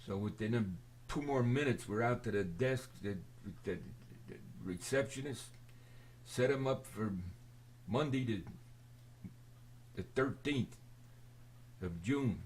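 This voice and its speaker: An older man telling a rambling personal story to his camera, halting and forgetful, with many restarts and fillers. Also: mid-range voice, a little hiss or hum. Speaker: video storyteller.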